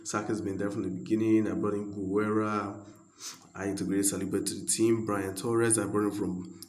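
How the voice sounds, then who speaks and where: A man's voice: fairly low pitch, slight background noise. A man from Nigeria giving casual, rambling commentary while playing a football management game. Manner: chatty, rambling, quick to get excited. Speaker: gaming video creator. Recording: roomy echo.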